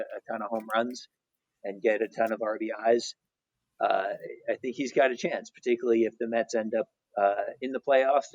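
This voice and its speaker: A man's voice: on the low side, breathy edge, no room sound. Man with a dull lo-fi sound. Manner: hesitant, many restarts and fillers. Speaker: podcast co-host. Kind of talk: casual sports chat.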